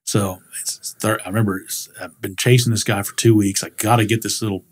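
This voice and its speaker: A man talking as a guest in an interview, telling animated anecdotes and laughing often. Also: on the low side, brisk, breathy edge. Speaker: commercial real estate broker guest. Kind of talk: casual interview storytelling.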